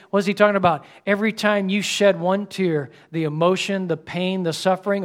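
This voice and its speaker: A middle-aged male pastor with a high voice preaches a sermon dynamically, shifting between loud exclamations and hushed lines.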